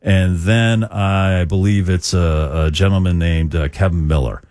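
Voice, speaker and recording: Chatty low-voiced New radio host. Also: male voice, steady tone, unhurried, darkish tone, dry recording. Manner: chatty, rambling, opinionated, frequent fillers. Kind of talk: radio talk. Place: radio studio. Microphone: studio microphone.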